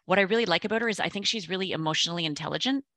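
A woman's voice: on the low side, very fast, sharp tone, dry recording. A middle-aged woman chatting casually as a podcast guest, telling stories and acting out what others said. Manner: chatty storyteller, acts out quoted voices. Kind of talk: casual chat.

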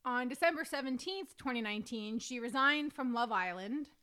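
A woman co-hosting a podcast, reading through case details and quoted statements at a steady pace. Her voice is somewhat higher than most women's. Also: normal speed. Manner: steady narration of notes and quotes. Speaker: podcast co-host.

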